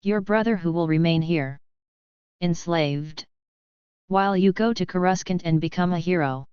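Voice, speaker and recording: A woman voicing a bitter, half-mechanical boy who speaks in a flat, cold way in a storybook reading. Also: lowish voice, normal speed, clean tone, no echo, close to an everyday voice. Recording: dull lo-fi dry.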